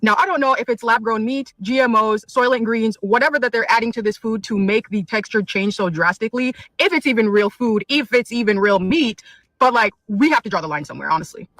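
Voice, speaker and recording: A woman's voice: on the high side, a little fast, fairly bright tone, no echo, poor audio. A woman in a direct-to-camera vlog, earnest and urging, running through lists.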